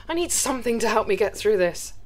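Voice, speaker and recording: A woman's voice: fairly high pitch, lively intonation, quick pace, a little mellow. A woman playing Gloria, a posh young woman who drinks and swears freely, in an audio drama. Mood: defiant.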